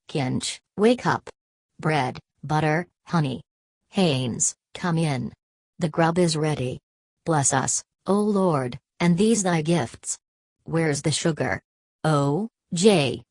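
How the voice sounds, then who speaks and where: A woman voicing a boisterous, teasing young male medical student in an audiobook, reading his lines with a low, dry voice. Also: slow, a little mellow, no room sound, full character voice. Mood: jovial. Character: brash mocking young Irish medical student.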